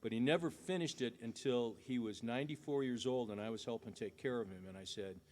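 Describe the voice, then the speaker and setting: A man's voice: mid-range voice, fairly quick, hardly any pauses, darkish tone, a little hiss or hum. A middle-aged man, a singer-songwriter, telling a folksy family story between songs at a concert, chuckling now and then.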